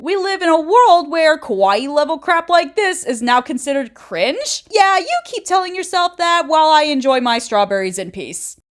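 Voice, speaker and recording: A woman in her late twenties narrating a commentary video essay in a sassy, blunt, opinionated way. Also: on the high side. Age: 20s. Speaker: YouTuber.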